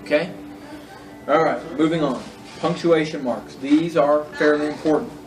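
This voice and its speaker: A man's voice: a little high, normal speed, far from the mic, music in the background, low-quality recording. A man teaching a Greek class in a casual lecture, correcting himself and spelling words out letter by letter.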